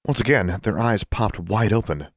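Male audiobook narrator, lowish voice, very animated delivery, dry booth. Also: moderate pace, no room sound. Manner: expressive storytelling. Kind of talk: audiobook reading.

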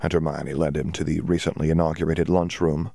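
A male audiobook reader narrates a fantasy story in a steady, even storytelling manner. His voice is deep and sits close to the mic, with a dry, unechoing sound. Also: fairly quick, creaky, no echo. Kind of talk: scripted narration.

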